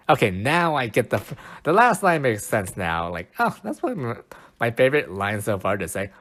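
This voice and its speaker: On a casual podcast, a male host talks at a moderate pace in a mid-range, slightly bright voice, his pitch swinging wildly. He sounds bemused and keeps poking fun at himself, laughing at his own expense.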